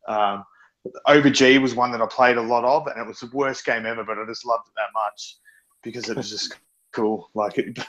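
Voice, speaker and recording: An Australian man rambles in an easygoing way on a gaming podcast, swearing here and there. His voice sits at a middle pitch. The recording sounds a bit muffled and lo-fi. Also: steady tone, moderate pace, a bit bright. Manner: rambling, laid-back, swears casually. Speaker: podcast co-host. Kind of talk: casual gaming chat. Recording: slightly dull lo-fi podcast audio.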